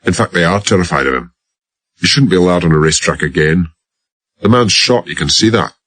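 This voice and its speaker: A man's voice: deep voice, lively intonation, fairly quick, fairly bright tone, breathy edge, dry recording, exaggerated voice. A man voicing an old, wizened male transporter driver with a Glasgow accent, indignant and unperturbed.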